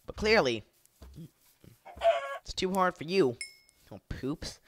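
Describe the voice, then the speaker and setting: A man giving casual gameplay commentary, excitable, shouting at the game, laughing often and rambling to himself in between. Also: on the high side, slow pace, long pauses. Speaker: gamer.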